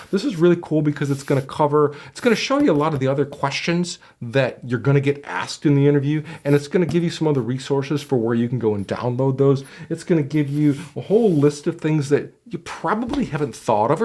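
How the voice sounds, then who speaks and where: A man's voice: mid-range voice, a little mellow. A man giving job interview advice as a career coach, talking conversationally and emphatically to the camera. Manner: conversational, emphatic, with frequent fillers. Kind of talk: direct-to-camera advice video.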